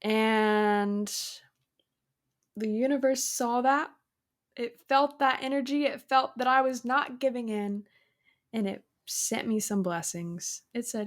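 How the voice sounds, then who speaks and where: A woman's voice: on the high side, takes it slowly. A young adult woman hosting a solo podcast, talking casually and upbeat about spirituality and surrender, acting out imagined conversations. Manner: upbeat, spiritual, talks through imagined dialogues. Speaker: podcast host.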